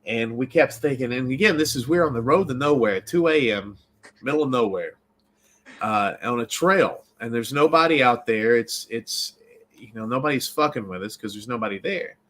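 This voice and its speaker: A man from Baltimore, a filmmaker and actor, telling a story in a rambling, animated way with many restarts in a casual interview. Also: mid-range voice, normal speed.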